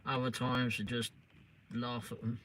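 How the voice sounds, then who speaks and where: A middle-aged Englishman hosts a live stream, chatting casually and sarcastically with viewers, swearing and teasing trolls as he answers live comments. His mid-range voice is flat and measured, and the stream audio is noisy.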